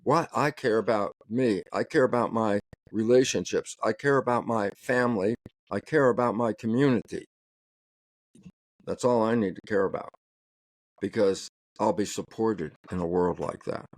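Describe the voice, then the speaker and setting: Recorded dry and at studio quality, this man has a lowish voice at normal speed. Interviewed as a biologist, he's animated and conversational, laying on emphasis, laughing mid-sentence, and acting out each side of the dialogues.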